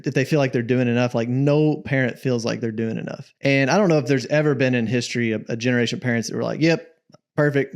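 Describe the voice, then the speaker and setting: A man's voice: medium pitch, clean tone. A man co-hosting a parenting podcast, reflecting and thinking aloud in casual conversation. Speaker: podcast co-host.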